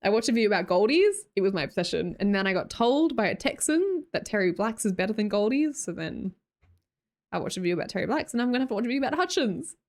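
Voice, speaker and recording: Woman, young adult, Australian accent, casual livestream chat, animated pitch, giggly. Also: fast. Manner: bubbly, laughs often, reads chat aloud.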